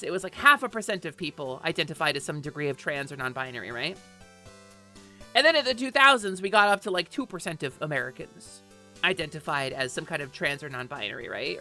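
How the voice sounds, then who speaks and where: A woman's voice: lowish voice, bright, forceful tone. A woman streamer chatting casually and animatedly on a live stream, swearing offhand and laughing often. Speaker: Twitch streamer.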